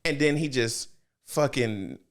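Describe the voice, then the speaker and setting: A man co-hosting a podcast, casually reviewing anime episodes with a lot of laughter and quick acted-out bits. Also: mid-range voice. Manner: animated, laughing, acts out scenes in quick bursts. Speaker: podcast co-host.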